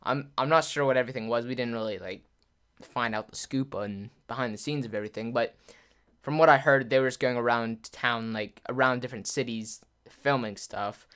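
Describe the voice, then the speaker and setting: A man telling a personal story in a casual vlog, his voice sitting in a middle pitch. He rambles and restarts, sprinkling "like" through every sentence, and slips into other people's voices when he quotes them. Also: fairly quick, a bit bright, clean tone. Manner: rambling, filler-heavy, says "like" constantly. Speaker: gaming YouTuber.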